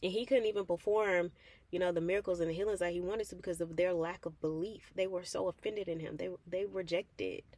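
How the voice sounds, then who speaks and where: Speaking fairly quickly in a fairly low, darkish voice with fairly even intonation, a woman recounts her faith testimony on her reflection channel. She's warm and conversational, calls her listeners "baby," and performs the prayers she quotes; the recording is dry.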